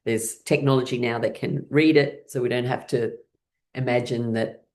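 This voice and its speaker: A woman teaching a laughter yoga class, giving gentle instructions that often break into laughter. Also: rumbling low, fairly even intonation. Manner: slow, soothing guided meditation delivery.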